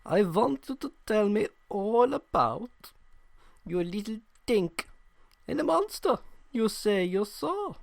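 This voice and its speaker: A man voicing a menacing imperial officer in a game, using a put-on German accent and slow, sneering threats. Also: high-pitched, big pitch swings, creaky, no echo, voice pushed up, exaggerated voice. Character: menacing male imperial officer, cold and mocking.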